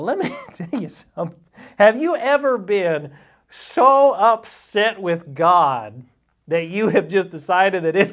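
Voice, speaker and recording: A man teaching a Sunday school Bible lesson, conversational and folksy, acting out quotes with a rising voice. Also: sits high. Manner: animated, acts out quotes with a rising voice.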